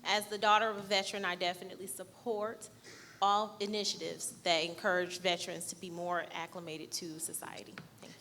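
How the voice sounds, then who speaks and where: Woman, city liaison, polite, formal, bright voice, faint room ambience. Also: fairly low pitch, little pitch movement, fairly quick, slight background noise. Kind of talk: brief self-introduction at a meeting.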